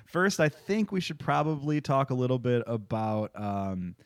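A man co-hosting a podcast, talking loosely and joking around as if a bit tipsy. His voice is smooth and resonant, recorded close and dry with no room sound. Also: medium pitch, very animated, moderate pace, dry recording. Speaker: podcast co-host. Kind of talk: casual chat.

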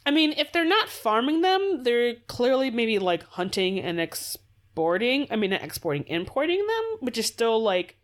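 A woman's voice: fairly high pitch, sing-song, moderate pace. A woman co-hosting a podcast in casual discussion, rambling with restarts, sighs and swearing. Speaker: podcast co-host.

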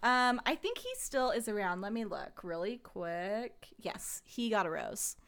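A woman's voice: mid-range voice, expressive, a little slow, a bit bright, clear, resonant tone. A woman co-hosting a casual podcast, giggly and gossipy, with frequent swearing. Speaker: podcast co-host. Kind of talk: casual chat.

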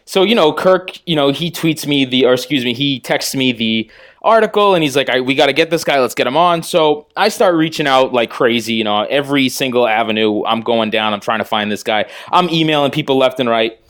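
A man's voice: medium pitch, fairly quick, fairly bright tone. A man, a guest on a podcast, telling a story in casual chat, acting out both sides of the conversations and swearing freely. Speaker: podcast guest and radio producer.

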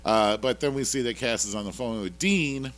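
A man's voice: medium pitch, moderate pace. A man co-hosting a casual podcast, retelling a TV episode in a rambling, jokey way with lots of fillers. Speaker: podcast co-host recapping a TV episode. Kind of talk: casual chat.

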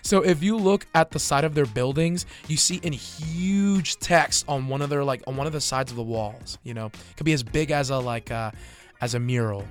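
A man's voice: medium pitch, moderate pace, faint music behind. A young man co-hosting a podcast, telling stories in loose casual chat, laughing often and swearing freely. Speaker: podcast co-host.

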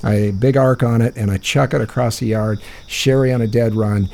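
A man's voice: mid-range voice, fairly even intonation, normal speed, creaky, warm tone. A man telling a rambling, profane story in a casual podcast chat, often laughing. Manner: rambling, profane, laughs through his stories.

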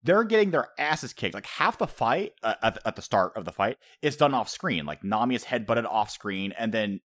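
A man's voice: on the low side, big pitch swings, normal speed, a bit bright. A man hosting a casual podcast chat, profane and laughing often, acting out quotes as he talks. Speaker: podcast host.

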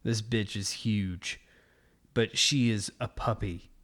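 A man in his thirties, a podcast co-host, telling a story in casual chat, animated and swearing a lot. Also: lowish voice, slow.

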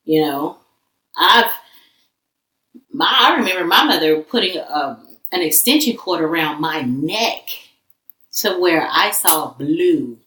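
A guest with a deep voice speaks slowly and animatedly, with long pauses and a sharp tone. She talks candidly and emphatically about her past in a loose, casual conversation. The mic is distant, so her voice sits a little back in an echoey room.

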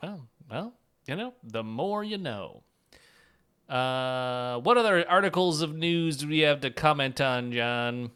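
A man's voice: on the high side, takes it slowly, clean tone. A man co-hosting a podcast in casual pop culture chat, joking and laughing often. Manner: jokey, laughs often, lively. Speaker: podcast co-host.

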